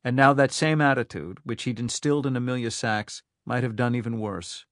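A man reads a thriller audiobook in a steady, even storytelling voice at an everyday mid pitch. The recording is dry and close, with no room sound. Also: fairly quick, no room sound. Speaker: audiobook narrator. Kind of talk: scripted thriller narration.

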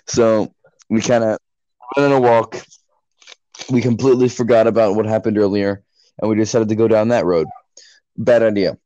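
A man's voice: fairly low pitch, steady tone, moderate pace, long pauses, dark tone, dry recording, dull audio. A teenage young man hosting a podcast, rambling through a profane story in casual chat. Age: late teens. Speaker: podcast host.

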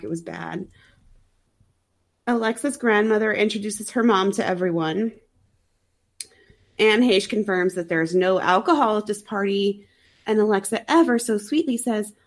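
Chatty wry woman recapping a movie. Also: medium pitch. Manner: chatty, wry, laughs often. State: sounds sick. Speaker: podcast co-host. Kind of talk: casual chat recapping a movie.

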